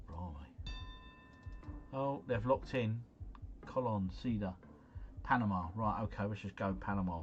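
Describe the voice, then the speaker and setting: A man giving live gameplay commentary, chatty and excitable as he talks to his viewers. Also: mid-range voice, a little slow, lo-fi sound, slight background noise. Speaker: gaming livestreamer.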